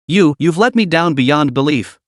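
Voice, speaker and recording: A man's voice: on the high side, animated, normal speed, no echo, clean studio sound, close to an everyday voice. A man voicing a stern old male official who scolds and lectures his disgraced aide. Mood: furious. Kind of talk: audiobook character voice.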